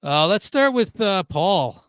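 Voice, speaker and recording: A man's voice: sits high, very animated, takes it slowly, fairly bright tone, clean tone, no room sound. A man hosting a casual comedy podcast, joking around and laughing often. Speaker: podcast host.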